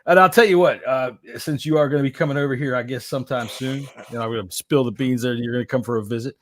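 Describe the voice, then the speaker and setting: A man co-hosting a sports podcast, talking loudly and joking with plenty of swearing. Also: mid-range voice, quick pace. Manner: loud, profane, joking. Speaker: podcast co-host. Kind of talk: casual sports podcast chat.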